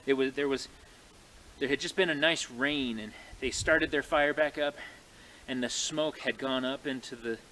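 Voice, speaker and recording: A man's voice: medium pitch, moderate pace, slight background noise. Folksy male frontier storyteller. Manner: folksy, animated, talks to the audience. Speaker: living history storyteller. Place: outdoors in snowy woods.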